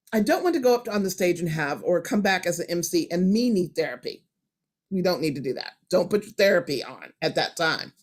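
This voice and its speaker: Woman teaching a storytelling workshop on zoom, expressive, goes quiet then loud, mid pitch. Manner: expressive, animated, swings from hushed to loud.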